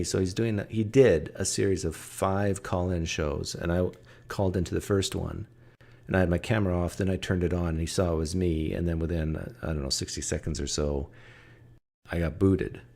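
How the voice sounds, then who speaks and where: A man's voice: sits low, a little mellow. A man hosting a podcast, talking casually and making sarcastic, wisecracking remarks. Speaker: podcast host. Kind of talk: casual mocking commentary.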